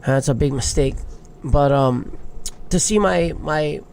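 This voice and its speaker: Creaky and darkish, this man's voice runs on the high side and a little slow, over slight background noise. He's a big wave surfer in his thirties from Hawaii, telling his life story on a podcast with open emotion and casual swearing.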